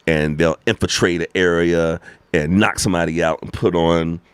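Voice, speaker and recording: An American man chatting as a podcast guest, animated and emphatic, swearing freely as he tells stories. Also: low-pitched, moderate pace, clean tone, no room sound. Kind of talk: casual conversation.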